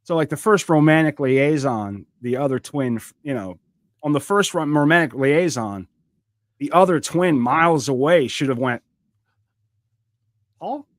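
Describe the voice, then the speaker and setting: A man co-hosting a comedy podcast, joking and teasing in lively banter. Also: a little high, moderate pace, dry recording, studio quality. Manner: joking, animated, playful voice impressions. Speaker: podcast co-host.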